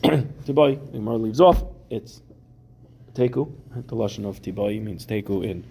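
Speaking at a moderate pace in a fairly low pitch, a man teaches Talmud in a classroom, with a bit of background noise. He reads the Aramaic first and then explains it in casual English using everyday examples, his voice gravelly, mellow, dark, and relaxed.

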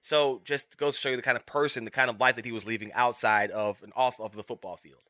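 A man's voice: mid-range voice, fairly even intonation, quick pace, pushed and bright, dry recording, clean studio sound. A man in his thirties giving casual, rambling sports commentary as a podcast host, with frequent restarts and fillers. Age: 30s.

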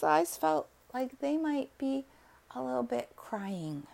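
A woman narrating a bedtime story softly and slowly, often sinking into whispers. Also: sits high, sing-song, creaky. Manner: soft and slow, dropping to whispers.

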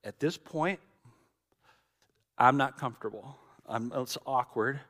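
A middle-aged man, a pastor preaching a sermon with dramatic storytelling, swinging from loud to hushed. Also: medium pitch, slow.

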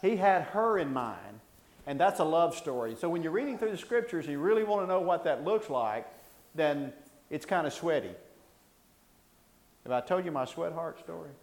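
Pastor guy telling stories from the pulpit, kinda high voice, roomy echo. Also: lively intonation, moderate pace. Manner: folksy, rambling, self-deprecating humor. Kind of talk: sermon with personal storytelling.

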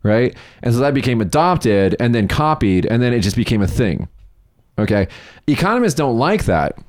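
A man hosting a casual podcast chat, a rambling, animated storyteller who acts out what others said. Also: mid-range voice, normal speed, no room sound, studio quality. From United States. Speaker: podcast host, company CEO.

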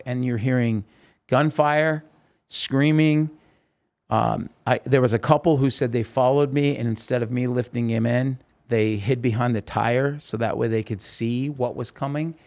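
A man's voice: medium pitch, vocal fry, darkish tone. A man, a podcast guest, urgently recounting a personal story in vivid, present-tense detail.

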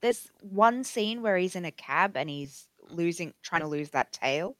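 A woman's voice: on the low side, animated, measured pace, no echo. A woman on a film podcast, giving candid opinions and laughing easily. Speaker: podcast guest. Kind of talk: casual film discussion.

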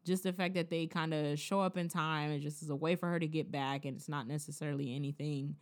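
A woman's voice: low-pitched, brisk. Blunt, profane woman recapping TV. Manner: blunt, profane, animated retelling. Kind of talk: casual TV recap chat.

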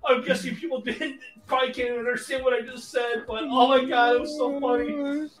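A man's voice: very high-pitched, flat delivery, fairly quick, fairly bright tone, recorded from a distance. A man telling a funny story in casual chat, often breaking into laughter. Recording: roomy echo with faint music.

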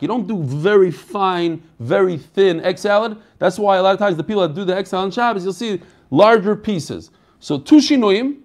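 A man's voice: high voice, a little mellow. A man teaching an online Talmud class in a casual, chatty way, asking questions and answering them himself.

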